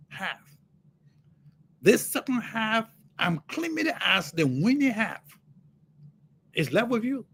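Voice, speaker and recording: A man preaches with fervor on a livestream. His voice is gravelly and husky, and it swings widely in pitch. He repeats words and breaks into sudden shouts. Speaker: motivational speaker.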